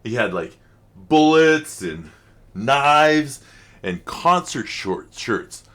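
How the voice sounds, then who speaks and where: Rambling man, lively pitch. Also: very slow. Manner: rambling, chatty, frequent fillers. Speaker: channel host reacting to music. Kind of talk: casual reaction vlog.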